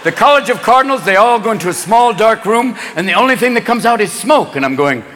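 A man doing a profane, animated stand-up routine on stage in a large hall, with an audience laughing. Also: sits high, fast. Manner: profane, animated, jumps into voices. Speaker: stand-up comedian. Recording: live hall with loud crowd.

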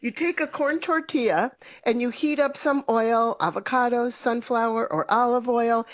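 A woman's voice: on the high side, moderate pace. A woman, the show's resident chef, chatting on radio with eager, laughing enthusiasm. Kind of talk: casual radio chat.

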